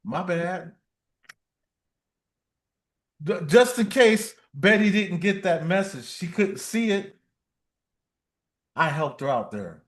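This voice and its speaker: Man hosting a livestream, high bouncy voice, joking with the chat. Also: expressive, slow pace, a bit bright. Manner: playful, reads viewer comments aloud. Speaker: livestream host.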